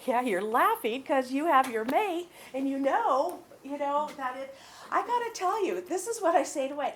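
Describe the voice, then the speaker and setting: Middle-aged woman lecturer, fairly high voice, chatty and animated, faint background noise. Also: normal speed. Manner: chatty and animated, laughing through stories. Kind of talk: classroom lecture. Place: lecture room.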